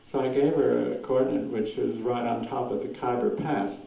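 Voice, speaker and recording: In a distant, echoey room, captured on dull lo-fi audio with hiss, a man tells rambling stories and takes audience questions at a lecture, often laughing. His voice is medium-pitched, mellow, and creaky, with a steady tone and moderate pace.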